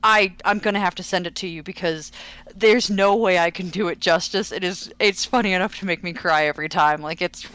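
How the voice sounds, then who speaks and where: A woman in casual podcast chat, reacting quickly and retelling moments with friends. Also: on the low side, fairly even intonation, fairly bright tone, clean tone. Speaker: podcast co-host.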